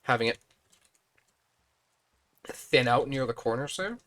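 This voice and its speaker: A streamer thinks aloud while building during a casual live stream, relaxed and using fillers. His voice is medium-pitched and slow.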